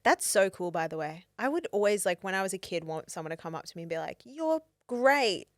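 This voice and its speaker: A woman hosting a casual interview, playful and quick to laugh along with her guest. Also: on the low side, no room sound, clean studio sound. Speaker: interview host.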